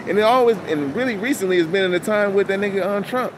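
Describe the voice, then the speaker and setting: A man talking to camera in a casual, rambling monologue, animated and full of profane street slang, outdoors. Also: sits high, fast talker, few pauses. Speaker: channel host. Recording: loud outdoor traffic noise.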